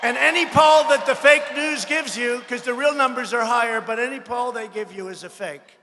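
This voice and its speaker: A man giving a campaign rally speech, boastful and mocking, repeating his phrases and often shouting to the crowd in a large venue. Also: very high voice, normal speed. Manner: frequent shouted lines to a crowd. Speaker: politician addressing a rally. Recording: long reverb of a large venue.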